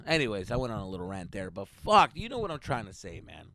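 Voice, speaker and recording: A man hosting a comedy podcast, ranting heatedly with constant swearing, swinging between loud outbursts and mutters. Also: fairly low pitch, wildly swooping pitch, fast, few pauses, dry recording. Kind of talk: profane comedic rant.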